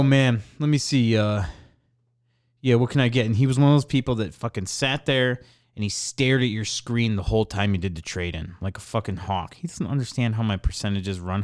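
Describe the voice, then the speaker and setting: Swearing man telling a store story. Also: lowish voice. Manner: animated, mimics customers in raised voice, swears freely. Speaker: podcast co-host. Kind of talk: casual storytelling.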